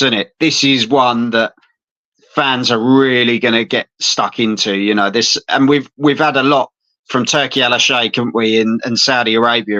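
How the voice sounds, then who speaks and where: A man's voice: medium pitch, bright, forceful tone, no room sound. A man hosting an interview, chatty and friendly, tossing in "mate" and "isn't it". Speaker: interview host. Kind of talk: casual interview. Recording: dull dry lo-fi sound.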